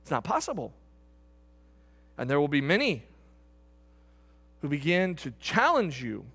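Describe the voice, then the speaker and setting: A man preaching a sermon, swinging from loud bursts to hushed emphasis. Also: high voice. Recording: echoey hall with long reverb.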